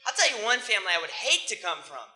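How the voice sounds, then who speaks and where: A young male comedian rambles through his set in a laid-back, slangy way, his voice bright and forceful. The recording is from an 1980s club with lots of room echo. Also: sits high, sing-song, fast. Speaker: stand-up comedian. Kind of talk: stand-up comedy.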